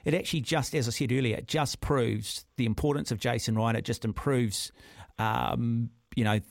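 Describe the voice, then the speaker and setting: In a dry, clean studio recording, a man with a New Zealand accent hosts opinionated talkback radio at a moderate pace. His mid-range, gravelly voice stays steady as he argues bluntly with callers, often calling them "mate."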